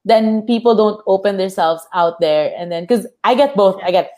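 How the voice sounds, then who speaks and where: Lively woman in panel chat. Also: medium pitch, normal speed, hardly any pauses. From Philippines. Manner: animated, quotes others in lively voices. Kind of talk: casual panel discussion.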